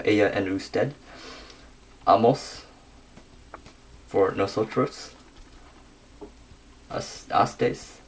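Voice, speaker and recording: A young man giving a scripted grammar lesson, working through verb endings slowly and methodically. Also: lowish voice. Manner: methodical, reads conjugations slowly with pauses.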